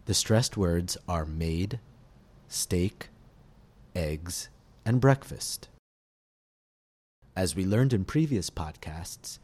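A man teaching English pronunciation in a scripted podcast lesson, speaking slowly and articulating each word clearly. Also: low voice, darkish tone. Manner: slow, deliberate, clearly articulated delivery.

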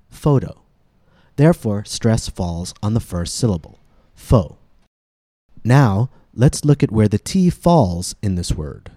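A man teaching pronunciation in a scripted podcast lesson, speaking slowly and clearly to demonstrate sounds. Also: lowish voice, mellow, no room sound, clean studio sound. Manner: slow, clear demonstrative delivery.

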